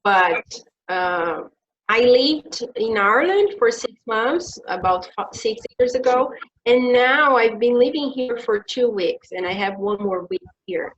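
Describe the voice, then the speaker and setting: A Brazilian woman, an English teacher speaking English with a Brazilian accent, calmly explaining study tips in a casual online conversation. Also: fairly high pitch, highs cut off, slight background noise. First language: Portuguese. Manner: measured, explanatory, gives tips.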